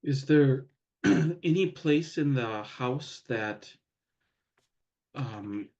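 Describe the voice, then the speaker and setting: A man playing a tabletop horror game who asks questions in a casual way. His pitch is mid-range and his intonation moves around a lot. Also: animated, drawn-out words, a little mellow, muffled recording. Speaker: player. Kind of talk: tabletop role-play.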